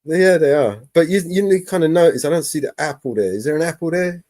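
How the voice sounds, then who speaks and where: A man's voice: on the high side, a little fast, dark tone, dry recording. A man hosting a live stream, chatting casually and sarcastically, laughing and swearing often.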